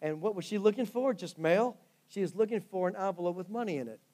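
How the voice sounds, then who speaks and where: A man's voice: sits high, animated, fast talker, dark tone. A male pastor preaching a sermon, telling stories with fervent rises and drops in volume. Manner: fervent storytelling preacher, rising and falling in volume.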